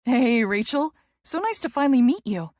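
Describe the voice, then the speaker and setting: Woman voicing a bright, friendly young woman. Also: medium pitch, fairly quick, dry recording, studio quality, close to an everyday voice. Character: cheerful young woman in her late twenties.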